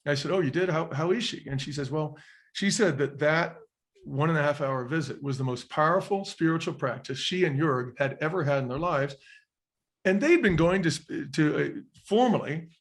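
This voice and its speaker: A man's voice: a little high, normal speed. A middle-aged man, a guest on a podcast, telling a personal story in an earnest, reflective way and acting out the quotes. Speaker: interview guest, former restaurant chain executive.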